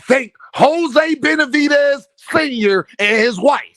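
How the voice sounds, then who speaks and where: Loud profane boxing livestream host. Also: male voice, extremely high pitch, animated, no echo. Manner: rowdy, profane, repeats words in rapid stammering runs. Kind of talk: casual boxing talk livestream, reading super chats.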